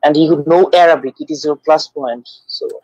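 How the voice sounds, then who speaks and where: An earnest male caller speaks gratefully, quoting verses from memory. His voice is a little high-pitched. It comes through a muffled phone line with a close, dead-dry sound. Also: steady tone, normal speed, darkish tone, slightly rough, no echo. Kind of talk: phone call to a live show.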